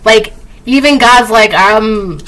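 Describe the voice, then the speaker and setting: A woman doing a casual spoken tarot reading, chatty, laughing often and acting out quick quoted voices. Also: on the high side, fairly bright tone, low-quality recording. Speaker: tarot reader.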